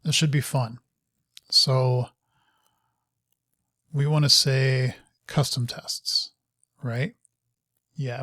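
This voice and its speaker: Slow-talking man thinking aloud while coding. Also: mid-range voice, bright, forceful tone, no echo, studio quality. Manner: muttering to himself and scolding his code; casual, self-mocking asides. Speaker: host of a live coding session.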